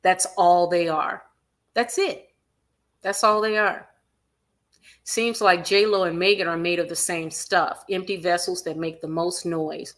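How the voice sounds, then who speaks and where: Animated lower-voiced woman gossiping. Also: measured pace. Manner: animated, acts out quotes in other voices, reads viewer comments aloud; emphatic repetition. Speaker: celebrity gossip commentator. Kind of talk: livestream gossip commentary.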